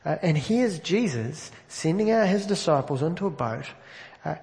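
A man's voice: fairly high pitch, animated, moderate pace, creaky, darkish tone. Man preaching in a reverberant church. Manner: conversational, asks the congregation direct questions. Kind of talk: sermon. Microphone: amplified microphone. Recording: long reverb of a large hall.

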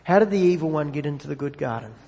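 A man preaching a sermon in a relaxed, conversational way, often restarting words as he goes. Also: fairly high pitch, fast talker, vocal fry, big-room sound. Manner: conversational, self-correcting preacher. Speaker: pastor.

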